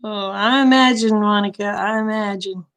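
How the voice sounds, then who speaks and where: A woman's voice: mid-range voice, fairly even intonation, moderate pace. A woman hosting a casual livestream, greeting viewers by name and telling frank personal stories with frequent laughter. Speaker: livestream host chatting with viewers. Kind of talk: casual chat, storytelling.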